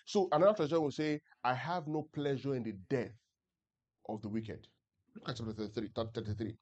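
During his sermon to a church congregation, a pastor repeatedly makes sure they are keeping up with him and guides them through reading scripture aloud as a group. His medium-pitched voice is darkish with a breathy edge, moving at a normal speed.

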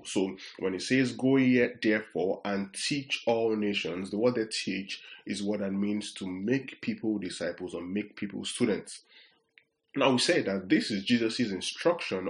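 A man preaching a sermon, explaining word meanings step by step and often asking whether his listeners are following. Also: lowish voice. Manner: repeats "are we together?" to check the audience; explains words slowly, restating points. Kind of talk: sermon teaching.

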